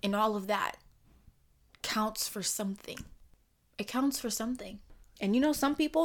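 A woman's voice: mid-range voice, normal speed, pauses often. A woman from the Caribbean hosting a podcast, speaking in an emphatic, passionate solo monologue and laughing often. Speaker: podcast host.

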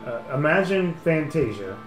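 Lively male game master, swooping pitch, echoey room with music underneath. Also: normal speed. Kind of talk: narrating a tabletop game.

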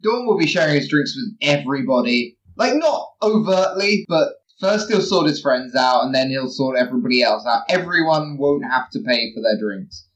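A tabletop player narrating their character's moves with a dry, deadpan wit. The voice is middling in pitch and steady in delivery. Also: moderate pace, hardly any pauses, recorded from a distance, low-quality recording. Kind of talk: tabletop role-play in character.

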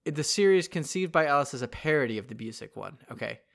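A man's voice: on the high side, animated, fast, vocal fry, a bit bright. A man co-hosting a podcast, recapping a story in casual chat and acting out characters' lines as he goes. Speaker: podcast co-host.

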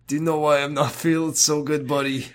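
A man voicing a big, dim, sad muscleman sidekick, talking slowly and haltingly in a comedic podcast role-play. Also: on the high side, little pitch movement, smooth, close to an everyday voice. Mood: mopey. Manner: slow, mopey, halting.

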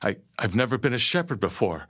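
A man's voice: mid-range voice, animated, slow pace, mellow, slightly rough, no echo, studio quality, voice pushed up, full character voice. A man voicing a frightened young boy who stammers and pleads with his captors in a storybook reading. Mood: stammering.

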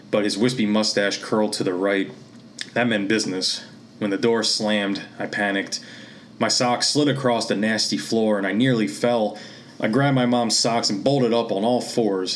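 A man from Pennsylvania reads a literary short story aloud, steady and measured in his delivery. His voice sits on the lower side, with a faint wash of background noise under the recording. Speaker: author and reader. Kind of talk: reading literary fiction aloud.

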